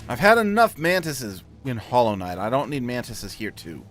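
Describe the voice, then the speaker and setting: Gaming host, male, casual wry commentary, expressive pitch, faint game music underneath. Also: moderate pace, hardly any pauses. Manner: self-mocking, wry asides. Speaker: let's play host.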